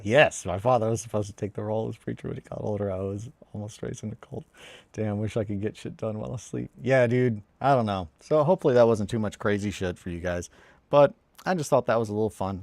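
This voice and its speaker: A man's voice: on the low side, vocal fry, dry recording. A young man from England with a southern English accent, chatting casually on a hobby live stream as a rambling, swearing storyteller. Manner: rambling, profane, animated storyteller.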